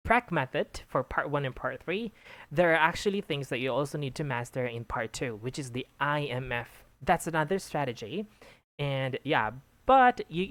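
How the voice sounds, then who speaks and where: In a one-on-one English lesson, a female tutor with a low voice gives patient, encouraging feedback on an exam, frequently checking in with "okay". The audio is dry and close-miked, with no room sound at all.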